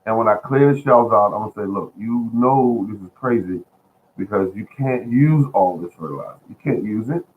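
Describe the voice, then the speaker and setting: At normal speed and in a lowish voice, with slight background noise, a man rambles on about gardening bargains from home indoors. He repeats himself, calls his audience "folks," and the audio has a phone-like lo-fi feel.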